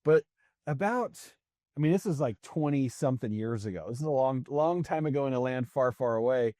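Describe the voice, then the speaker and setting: This clip has the clean, echo-free sound of a studio recording. The speaker is a forties-aged sales coach guesting on a podcast, and his medium-pitched, mellow voice is expressive and fairly quick. He's telling a story conversationally, with frequent laughter and plenty of filler words.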